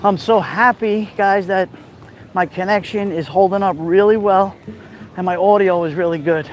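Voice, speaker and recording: High, rough-voiced Brooklyn man outdoors. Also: moderate pace, slight background noise. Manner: chatty, gives shout-outs while walking. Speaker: live streamer. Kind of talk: casual live-stream walking tour. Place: outdoors at a beach boardwalk.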